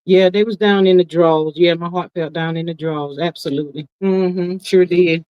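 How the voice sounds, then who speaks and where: A woman's voice: on the low side, steady tone, smooth, no room sound. Woman, middle-aged, live-stream host, folksy, emphatic, dry lo-fi sound. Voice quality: folksy, peppers talk with "honey" and "child". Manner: chatty, emphatic, drawn-out asides. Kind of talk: casual live-stream chat reading viewer comments. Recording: dry, slightly muffled lo-fi sound.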